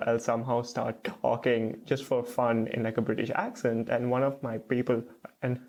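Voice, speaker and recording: A man's voice: mid-range voice, muffled recording. A young man in his twenties, a guest on a podcast, who stutters with repeated words and many "uh" fillers. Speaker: guest, doctoral student. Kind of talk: casual conversational interview.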